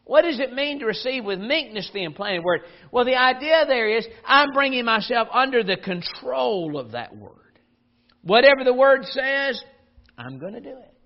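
A man's voice: extremely high pitch, lo-fi sound. A man preaching a sermon to his congregation, earnest and rising to emphatic declarations.

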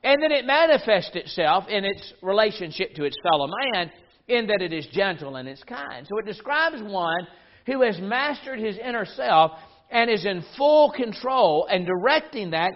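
A man's voice: high voice, big pitch swings, normal speed, highs cut off. A man preaching a sermon to his congregation, earnest and rising to emphatic declarations.

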